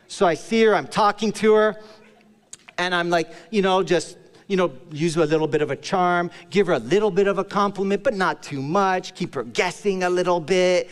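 A man preaching a sermon as pastor, telling a playful personal story with acted-out quotes and dropping low and soft for serious points. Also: moderate pace, clear, resonant tone, long reverb tail. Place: church service.

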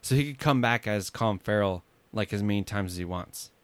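A man's voice: on the low side, brisk, dry recording. A man co-hosting a podcast, chatting casually and jokingly about movies, trailing off with fillers. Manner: rambling, jokey, trails off with fillers. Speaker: podcast co-host.

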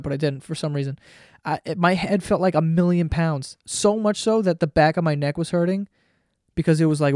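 Young adult man, slightly high voice, rambling profane storyteller, close dry sound. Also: darkish tone, dry recording. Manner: rambling, profane, lots of filler words. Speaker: vlogger. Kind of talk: casual storytelling monologue.

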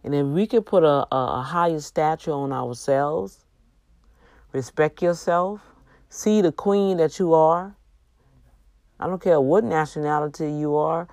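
A woman's voice: sits low, a little mellow, dry recording. A woman hosting a casual faith talk on a livestream, earnest and preacher-like, a little tired and yawning. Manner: earnest, exhorting, preacher-like, drawn-out emphasis. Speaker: livestream host.

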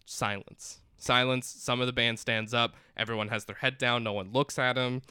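A man's voice: medium pitch, steady tone, moderate pace, sharp tone, clear, resonant tone, no room sound, clean studio sound. A young man casually recapping a film as a podcast co-host, rambling with lots of fillers and restarts. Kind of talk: casual chat recapping a movie.

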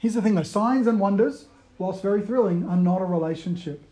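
A man giving a conversational sermon, moving between loud emphasis and quiet, hushed retellings. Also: high-pitched, a little fast. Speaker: preacher.

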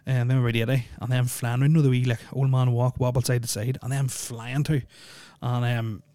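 Rambling podcast guy, flat delivery. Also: medium pitch, brisk, no room sound. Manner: rambling, filler-heavy, joking. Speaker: podcast host. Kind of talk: casual solo podcast chat.

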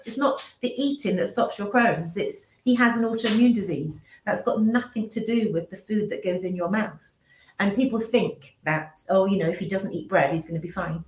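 A woman in her fifties speaks candidly and emotionally as an interview guest. She often restarts her sentences and acts out what others said. Her voice sits mid-range and carries a noticeable roomy echo. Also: medium pitch. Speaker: business owner and mother, interview guest. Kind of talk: candid personal account in an interview.

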